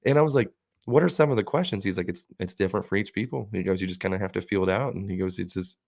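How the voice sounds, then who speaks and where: A man with a fairly low voice tells a story on a casual podcast. He acts out each friend's lines with lively swings of voice and swears freely. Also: fast talker, creaky. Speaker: podcast co-host.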